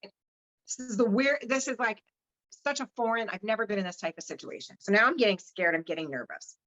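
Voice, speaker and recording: Frank and unfiltered, this podcast guest curses freely while recounting her own story and playing out what people said to her. She talks briskly at a medium pitch, her voice pushed and bright, though the recording itself is a bit dull.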